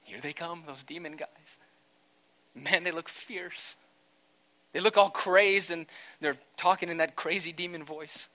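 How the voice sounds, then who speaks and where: A man preaching a sermon, conversational and animated, swinging between loud and quiet with dramatic asides. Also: on the high side, a little slow, low-quality recording. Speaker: pastor.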